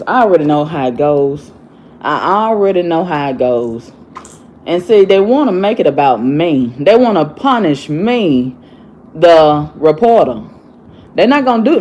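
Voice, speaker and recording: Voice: medium pitch, darkish tone, low-quality recording. A vlogger, tired and upset, ranting angrily in an agitated way and repeating phrases over and over. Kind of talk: angry vlog rant.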